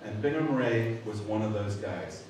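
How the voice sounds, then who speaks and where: Animated man speaking in an echoey hall. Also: lowish voice, moderate pace. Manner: animated storyteller, swears, acts out voices, laughs. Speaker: memorial speaker. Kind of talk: anecdote told at a memorial. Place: large event hall. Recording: echoey hall from far off, noisy.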